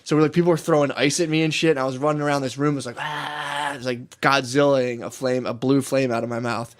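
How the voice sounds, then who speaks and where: A man's voice: medium pitch, steady tone, fast talker. A young man from Texas, a podcast co-host telling a wild story in rambling, profane casual talk and acting out the quotes.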